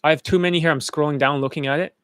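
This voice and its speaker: Man, dating coach, blunt, profane, rambling, fairly high voice, dry close sound. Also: steady tone, rapid-fire, a bit bright, smooth, dry recording. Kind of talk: casual commentary over student testimonials.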